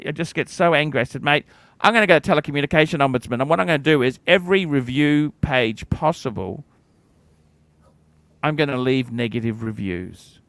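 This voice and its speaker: Grumpy livestream host, forties, sharp, clean tone, foul-mouthed ranting. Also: male voice, medium pitch, a little fast, no room sound. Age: 40s. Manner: profane, cantankerous ranting.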